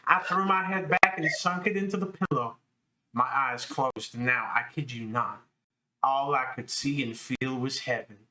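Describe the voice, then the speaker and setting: A man's voice: mid-range voice, steady tone, moderate pace, bright, forceful tone. A man co-hosting a podcast, doing a comedic reading of a crude novel and laughing as he goes. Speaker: podcast co-host.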